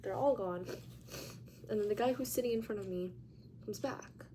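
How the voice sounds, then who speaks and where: A young woman telling a story in a casual vlog, chatty and animated, with lots of "like" and free swearing. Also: mid-range voice, moderate pace, a little hiss or hum. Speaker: vlogger.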